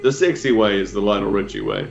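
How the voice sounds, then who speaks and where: A man's voice: fairly low pitch, lively intonation, quick pace, dull audio. A man with a New Zealand accent, a player in a tabletop game, chatting casually and joking with some swearing. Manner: jokey, profane.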